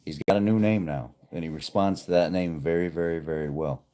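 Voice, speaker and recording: A man's voice: low-pitched, fairly even intonation, brisk, dark tone. A man hosting a livestream from home, telling a rambling, heartfelt story to his viewers in a casual, folksy way. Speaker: livestream host. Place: at home with pets nearby.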